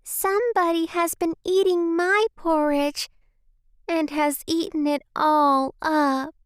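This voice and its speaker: A woman voicing a little boy bear cub in a storybook reading, with a small, squeaky baby voice. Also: steady tone, takes it slowly, no room sound, clean studio sound. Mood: upset.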